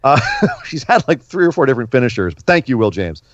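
A man's voice: mid-range voice, big pitch swings, fast talker, no echo. Chatty man, dull dry recording. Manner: chatty, repeats words when starting. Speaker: podcast co-host. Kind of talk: casual wrestling talk.

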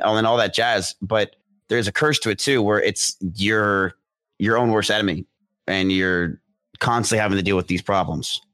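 A man's voice: fairly low pitch, a bit bright. A young man talking casually and rambling, with many restarts and fillers. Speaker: podcast guest discussing ADHD. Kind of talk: casual conversation.

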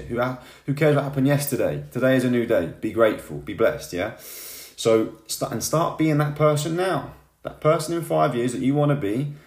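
A man giving a fired-up motivational talk, tagging his lines with "yeah?" and "right?". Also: medium pitch. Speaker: motivational vlogger. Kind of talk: motivational monologue to camera. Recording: echoey room.

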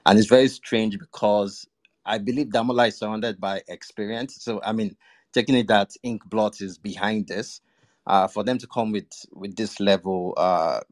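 A man giving a measured, diplomatic film review on a podcast panel, with frequent pauses and fillers. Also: on the low side, steady tone, no echo, studio quality. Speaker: panel guest. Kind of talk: casual panel chat.

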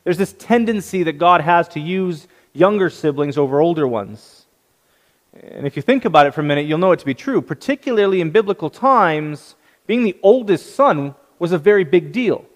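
Male preacher, slightly high voice, anecdotal sermon with gentle humor, long hall reverb. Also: expressive, normal speed. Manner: storytelling with light humor. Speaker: pastor.

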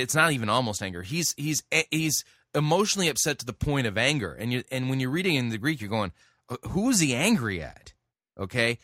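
This is a man giving a sermon at an ordinary middle pitch. He reads scripture and then breaks off to explain it, earnest and halting, with many restarts. The sound is dry and close, with little room echo. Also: bright, forceful tone. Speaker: pastor. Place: church.

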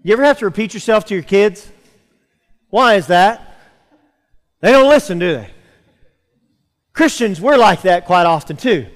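A man's voice: high-pitched, animated, normal speed, pauses often, in a large hall. A man preaching a sermon to a church congregation, building emphasis and calling out to the listeners. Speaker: pastor. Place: church sanctuary.

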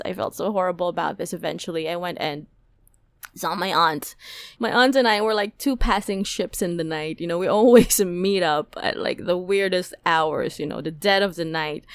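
A woman's voice: fairly low pitch, expressive, moderate pace, clear, resonant tone, dry recording. A young adult woman hosting a podcast, telling a personal story in a chatty, emotional way with many fillers. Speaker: podcast host. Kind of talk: casual storytelling monologue.

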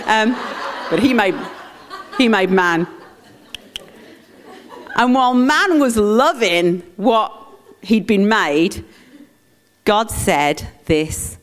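Slow, humorous woman preacher. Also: medium pitch, lively intonation. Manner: humorous and teaching, with asides. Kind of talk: conversational sermon.

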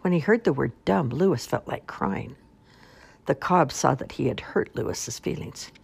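A woman narrating a children's storybook in a gentle, expressive read-aloud manner. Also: very deep voice, normal speed, vocal fry, slightly rough. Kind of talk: storybook reading.

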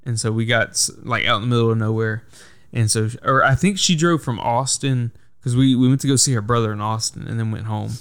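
A man's voice: medium pitch, fairly quick, fairly bright tone, smooth. A young man hosting a podcast, telling a long story in a rambling casual way, full of "like" and swearing. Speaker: podcast host. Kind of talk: casual chat.

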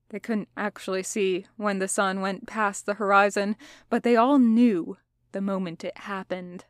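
A woman narrates a story in a steady audiobook read, speeding up where the action turns tense. Her voice sits in a middle range, recorded dry and close with no room sound. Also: mid-range voice, a little slow, dry recording. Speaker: podfic reader. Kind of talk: audiobook narration of fan fiction.

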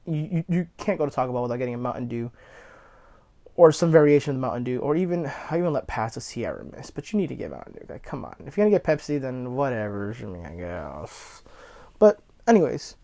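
A man's voice: mid-range voice, big pitch swings, fast, gravelly, dark tone. A young man casually telling a personal anecdote, rambling and correcting himself as he goes, cursing freely. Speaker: storyteller.

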